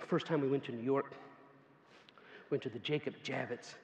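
A man preaching a sermon, telling a lively story and acting out the people in it with bursts of laughter. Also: medium pitch, moderate pace, vocal fry. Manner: animated, laughing storyteller who acts out quoted voices. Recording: dull, echoey hall sound with faint ambience.

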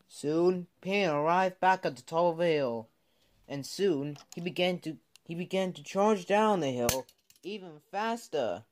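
A man narrating a homemade train story, halting often and restarting his sentences. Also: fairly high pitch, animated. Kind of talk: improvised toy-train storytelling.

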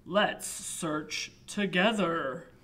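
A woman reading aloud and voicing a big, gruff troll, slow and low. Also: fairly bright tone, full character voice.

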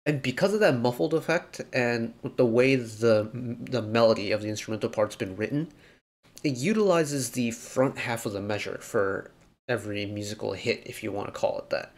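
A man's voice: mid-range voice, normal speed. A man hosting a music reaction video, talking through the song in an analytical, rambling way with lots of fillers. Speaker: K-pop reaction host. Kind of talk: casual reaction commentary.

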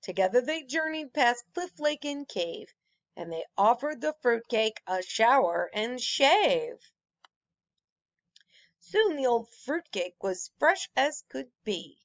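A woman reading a rhyming children's picture book aloud with an expressive, rhythmic delivery. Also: fairly high pitch, slow, no room sound, muffled recording. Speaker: storyteller.

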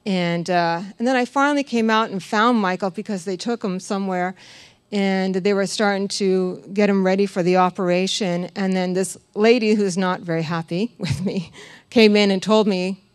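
A woman giving a personal testimony at a church service, telling her story in a lively way, laughing often and acting out what others said. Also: medium pitch, normal speed, clear, resonant tone, dry recording. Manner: animated storytelling, laughs often, quotes others in acted voices. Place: church sanctuary.

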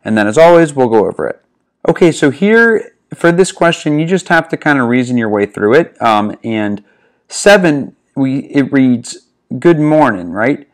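Recorded at home with a desk microphone, a Northeastern American tutor walks through reading practice questions step by step in a relaxed way. He speaks expressively at a moderate pace in a mid-range voice.

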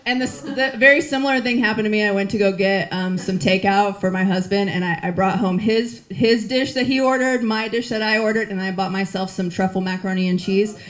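A woman stand-up comedian in her thirties, telling a chatty, animated story with voiced asides. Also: medium pitch. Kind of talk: stand-up set.

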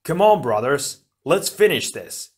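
A man voicing a hot-tempered male fire hero who leads his brothers with loud battle cries. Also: a little high, big pitch swings, measured pace, pitched above the performer's own voice. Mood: rallying.

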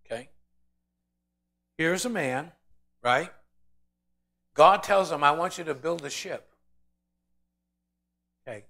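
A man leads a Bible study in a loose, conversational sermon. His voice sits a little high for a man. He tells the story with energy and slips into the voices of the characters as he goes. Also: slow, pauses often. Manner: animated storytelling, acting out quoted voices. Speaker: pastor teaching Bible study. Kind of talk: informal sermon.

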